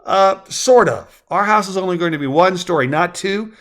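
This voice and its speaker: A man plays a genial older man in a spoken story, chatty and good-humored. His voice sits a bit high and bright. He talks in a friendly, easygoing way. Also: expressive, moderate pace. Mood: explaining. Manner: cheerful, chatty.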